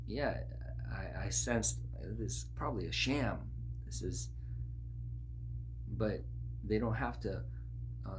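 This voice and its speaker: A man's voice: lowish voice, a little hiss or hum. A man giving an informal sermon-style talk, emphatic and repetitive, his voice jumping up whenever he acts out what someone says. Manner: emphatic, repeats words, voice rises sharply on quoted lines. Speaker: Christian preacher.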